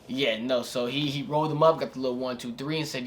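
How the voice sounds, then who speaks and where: A man's voice: mid-range voice, fairly even intonation, fast talker. A young man giving casual reaction commentary as a wrestling vlogger, laid-back and slangy, rambling with filler asides.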